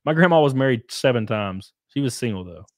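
A man's voice: medium pitch, animated, brisk, no room sound. A young man telling long, rambling stories in casual chat, swearing a lot and laughing often. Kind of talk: casual storytelling.

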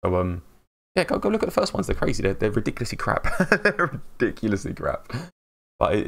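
Give me a rambling male streamer with a gravelly, fairly deep voice. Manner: rambling, laughs at himself, chats with viewers. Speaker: live streamer. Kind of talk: casual live-stream chat.

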